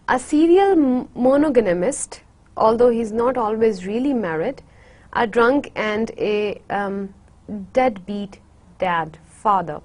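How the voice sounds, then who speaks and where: A woman lecturing on literature at a slow, careful pace, her voice sitting fairly high. She pauses often on fillers and repeats words aloud to show how they sound. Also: animated, a little mellow. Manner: slow, hesitant, many fillers. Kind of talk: university lecture.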